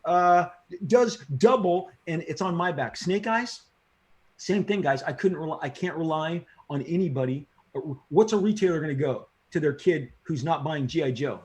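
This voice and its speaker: His voice on the high side and his speed normal, the middle-aged comic creator tells stories in a relaxed interview. Growing fired up, he gets excitable, slangy, and repetitive.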